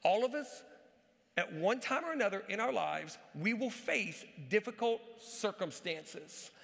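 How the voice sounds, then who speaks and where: A man with a high, bright voice delivers an animated sermon, driving home his points by repeating them. He is recorded live in a church, with a long reverb trailing behind his words. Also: measured pace, vocal fry. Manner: animated preaching, repeats key phrases for emphasis. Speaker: pastor. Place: church sanctuary.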